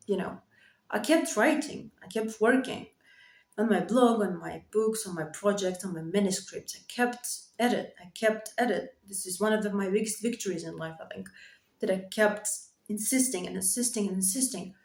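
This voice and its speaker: Woman vlogger, confessional to camera, emotional and halting, voice cracking, echoey bedroom. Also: medium pitch, gravelly. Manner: emotional, halting, repeats phrases, nervous laughs. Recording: echoey room.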